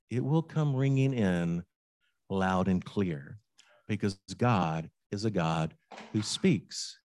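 An older man preaching a sermon in an unhurried, conversational way. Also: on the low side, a little mellow. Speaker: pastor.

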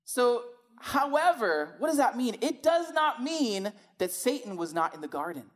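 A woman's voice: on the high side, big pitch swings, moderate pace. A woman preaching a sermon in a conversational, emphatic way, often asking rhetorical questions.

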